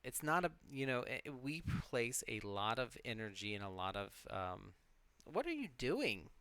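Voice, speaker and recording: A man with a mid-range, sing-song voice co-hosts a live witchcraft stream at normal speed, his tone sharp and clean with no room sound. He rambles casually in a reflective way, cursing freely and often starting sentences over.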